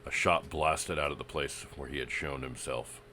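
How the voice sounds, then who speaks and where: A man with an extremely deep voice narrates a vintage pulp western in a steady, dramatic reading. His delivery is measured and storytelling in tone. A faint hiss sits under the recording.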